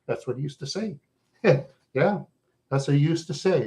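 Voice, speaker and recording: A middle-aged man from Minnesota with a rough voice worn down by years of smoking. He talks to his viewers in a loose, rambling way, stopping often to chuckle. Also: on the high side, big pitch swings, moderate pace, long pauses, darkish tone. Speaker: livestream host chatting with viewers. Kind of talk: casual rambling chat.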